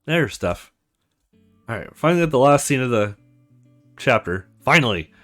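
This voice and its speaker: A man's voice: medium pitch, sing-song, moderate pace, faint music behind. Chatty man doing let's-play commentary. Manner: chatty, reads the game dialogue aloud. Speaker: gamer playing a visual novel.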